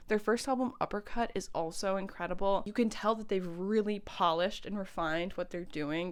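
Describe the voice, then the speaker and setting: A woman casually reviewing albums on her vlog, chatty and enthusiastic, swearing and laughing often. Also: lowish voice. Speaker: music vlogger.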